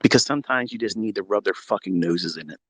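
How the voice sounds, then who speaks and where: A middle-aged man, a trading mentor, speaking in a profane, combative rant from his home basement, moving between low musing and shouting. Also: animated, fast, husky, no echo. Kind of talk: unscripted rant to listeners.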